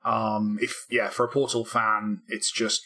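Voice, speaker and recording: A man with a bright, forward voice talks loosely on a casual podcast. He rambles, restarts his sentences and pokes fun at himself, with fillers scattered throughout. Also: lowish voice, flat delivery, unhurried. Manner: rambling, self-deprecating, many fillers and restarts. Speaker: podcast co-host, game developer. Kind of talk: casual chat.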